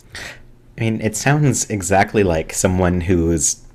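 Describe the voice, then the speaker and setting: Very deep-voiced man, dry humor. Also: animated, slow, darkish tone. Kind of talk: casual chat.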